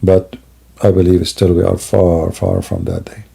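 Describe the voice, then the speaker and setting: A man's voice: low voice, level tone, measured pace, creaky, mellow, breathy edge. A sleepy man talking to his live-stream audience at home at night, rambling, with broken grammar and many fillers. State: sleepy and yawning. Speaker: Christian apologist streamer. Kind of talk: casual live-stream monologue.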